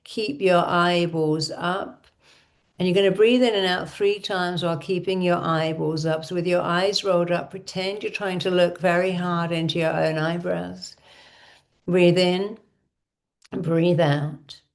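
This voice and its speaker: A woman leading a guided affirmation and hypnosis session, giving repetitive directive instructions that slow into a soothing countdown. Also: on the low side, steady tone. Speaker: self-help speaker and hypnotherapist.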